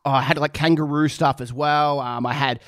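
High-voiced Australian man telling stories. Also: brisk, no echo, studio quality. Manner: animated, swears freely, laughs through his stories. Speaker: podcast co-host. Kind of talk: casual storytelling chat.

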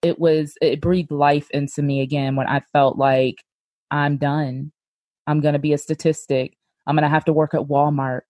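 Woman, podcast host, low-ish voice, dry close sound, candid storytelling, chatty fillers. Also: flat delivery, moderate pace, dark tone, dry recording. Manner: earnest, lots of "like" and "you know".

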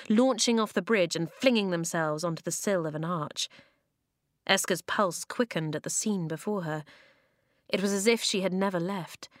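A woman reading a children's fantasy book aloud as narrator, expressive and measured. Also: fairly low pitch, no echo, clean studio sound.

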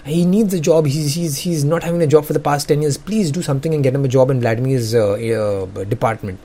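A man's voice: mid-range voice, fairly quick, mellow, lightly acted. A man voicing a nagging wife who pleads for a job for her brother, repeating herself. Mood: pleading. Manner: pleading, repetitive.

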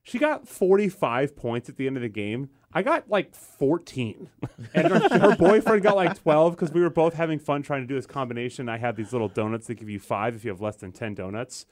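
A man's voice: mid-range voice, brisk. A man co-hosting a casual podcast, telling stories with energy and acting out what others said. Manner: animated storytelling, acts out quotes. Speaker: podcast co-host. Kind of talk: casual chat.

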